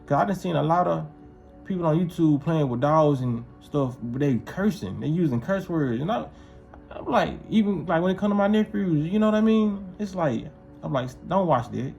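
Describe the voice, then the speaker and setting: A man's voice: a little high, animated, moderate pace, creaky, darkish tone, lo-fi sound. Man, casual storytelling, loose slang, repetitive, faint music behind. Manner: loose, repetitive, keeps asking "you feel what I'm saying".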